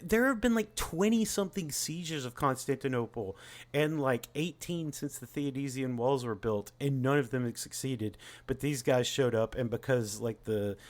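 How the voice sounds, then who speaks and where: A man co-hosting a podcast, talking casually and loosely about history with plenty of swearing, fillers and restarts. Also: mid-range voice. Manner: loose, profane, rambling with many fillers. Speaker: podcast co-host.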